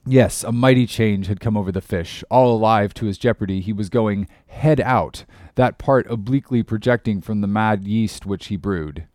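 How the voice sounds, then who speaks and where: A man's voice: lowish voice, no echo. Man reading a novel aloud, dry. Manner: measured, expressive reading. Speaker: audiobook narrator. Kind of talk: scripted narration.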